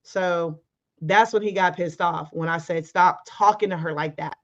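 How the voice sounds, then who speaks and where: A woman's voice: on the low side, fairly even intonation, normal speed, fairly bright tone, lo-fi sound. A woman guest telling a personal story in casual, emphatic talk, acting out the arguments she quotes. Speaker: interview guest.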